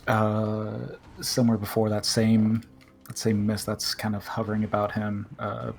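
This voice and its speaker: A man playing a tabletop game, describing his character's action hesitantly with many pauses and filler sounds. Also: on the low side, completely flat delivery, vocal fry, slight background noise.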